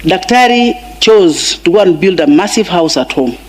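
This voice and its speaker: A woman's voice: fairly low pitch, expressive, moderate pace, darkish tone. A middle-aged Kenyan woman with a Kenyan accent giving an emotional eulogy for her husband and mixing in Swahili phrases. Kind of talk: funeral eulogy speech. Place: large funeral gathering.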